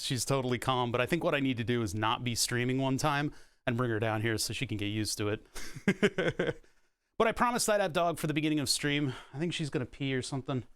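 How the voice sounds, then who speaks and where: A man streaming from his workshop in casual chat, talking to his puppy in a high sing-song baby voice and laughing often. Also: fairly bright tone, clear, resonant tone, no room sound.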